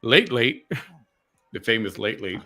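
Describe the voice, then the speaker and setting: Male host, mid-pitched, relaxed and laughing easily, late-night chat, faint music under. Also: takes it slowly.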